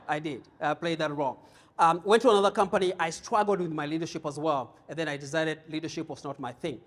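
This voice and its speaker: A middle-aged man from Kenya with a Kenyan accent, giving a humorous leadership keynote to a live audience, telling stories and often repeating words as he starts a thought. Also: a little high. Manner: storytelling, jokey, repeats words when starting. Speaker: keynote speaker. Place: conference room with audience.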